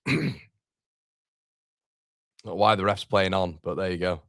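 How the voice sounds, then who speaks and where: Man, football fan streamer, deeper voice, reads viewer comments, reacts live. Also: flat delivery, normal speed, fairly bright tone, no room sound, studio quality. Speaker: fan channel host. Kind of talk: live football watchalong chat.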